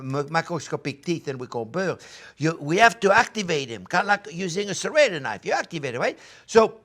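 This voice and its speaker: Older man, chef, cooking demo, upbeat, fairly high voice, swings up and down a lot. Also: gravelly, a bit bright. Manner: enthusiastic, coaxing, talks straight to viewers as friends. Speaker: chef and cooking show host. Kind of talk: cooking demonstration.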